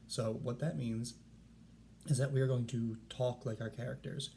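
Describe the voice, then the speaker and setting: A man's voice: medium pitch, fairly even intonation, normal speed, gravelly, warm tone, slight background noise. A male teacher giving a read-aloud lesson to children, speaking in an encouraging, upbeat way.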